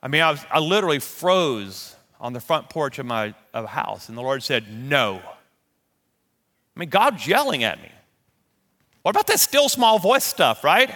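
A pastor with a fairly high-pitched voice preaches a sermon, telling a personal story in an animated way and acting out the voices of the people in it. The long reverb of a large hall surrounds him.

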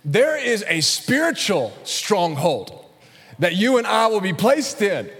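High-voiced preacher in a reverberant hall. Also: male voice, slow, breathy edge. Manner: storytelling, joking, animated with acted-out quotes. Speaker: pastor. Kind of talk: sermon. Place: church sanctuary.

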